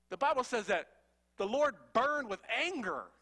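A man's voice: extremely high pitch, very animated, a little slow, sharp tone. A man preaching a sermon in a fervent, conversational way with slangy asides.

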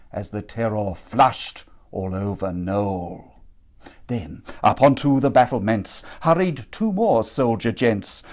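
A man reading rhyming verse in a playful, theatrical way. He takes his time, letting each line land. His pitch moves in lively swoops. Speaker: narrator. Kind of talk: rhyming storybook narration.

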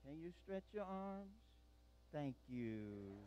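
A woman's voice: low voice, big pitch swings, takes it slowly, mellow, highs cut off, a little hiss or hum. A woman leading children in church, coaxing them through call-and-response lines to repeat after her. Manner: coaxing, prompts the group to repeat. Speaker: children's worship leader.

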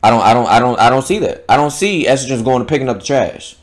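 A man's voice: mid-range voice, quick pace. A man hosting his channel, delivering an opinionated monologue in an emphatic, repetitive, lecturing way, often stumbling and restarting words. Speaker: channel host.

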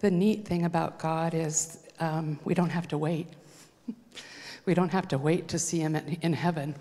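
A woman giving brief remarks and leading a gentle, reverent prayer in church. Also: low-pitched, steady tone, normal speed. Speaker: prayer leader. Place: church sanctuary. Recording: long church hall reverb.

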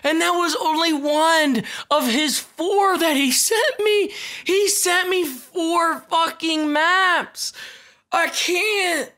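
A hoarse man giving excited gameplay commentary, yelling and swearing as he plays. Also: extremely high pitch, takes it slowly. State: hoarse from shouting. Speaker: video game player.

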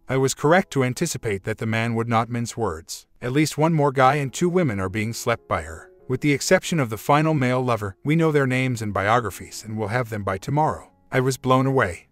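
A man narrates a scripted relationship story in a steady, measured way. His voice sits in an ordinary middle pitch. Soft music plays faintly beneath the reading. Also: no room sound. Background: faint background music.

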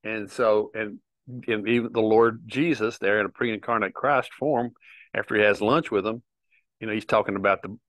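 A man's voice: on the low side, fairly even intonation, a bit bright, no room sound. A man giving an informal Bible teaching, explaining Hebrew words in a conversational, meandering way. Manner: conversational, frequent restarts and fillers, explains slowly.

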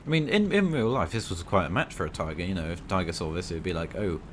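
A gaming video creator offers loose, chatty commentary over a tank game, speaking at a racing pace. Excitable, he cheers, grumbles and mock-scolds enemy players, his pitch swinging widely, over a faint hiss of noise.

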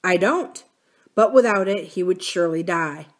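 A woman's voice: on the low side, lively intonation, moderate pace, lightly acted. Old rancher, earnest and grave, read by a woman. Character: wise old male Irish-born rancher, gentle.

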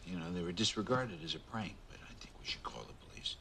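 A middle-aged man playing a father in a family film, speaking gently and reasoning with his son. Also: sits low, fast, creaky, slight background noise, exaggerated voice. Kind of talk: film dialogue.

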